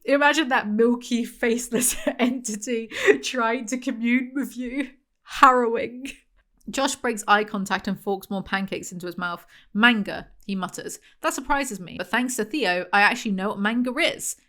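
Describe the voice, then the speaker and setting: A woman's voice: on the high side, a bit bright. A woman giving a sarcastic book review, reading passages aloud and mocking them in a dry tone. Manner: dry, mocking, frequent laughs.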